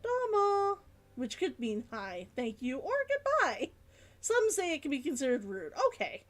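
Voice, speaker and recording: A high-pitched woman streaming live talks casually to her chat, and her voice swings widely up and down as she muses aloud and reads out their comments. Soft music plays faintly behind her. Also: huge pitch swings, measured pace.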